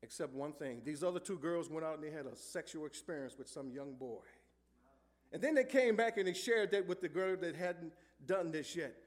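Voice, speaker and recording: A male pastor preaching a sermon in church. He calls out to the congregation for answers and swings between hushed lines and loud ones. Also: fairly high pitch, moderate pace. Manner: call-and-response preaching, swings from soft to loud. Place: church sanctuary.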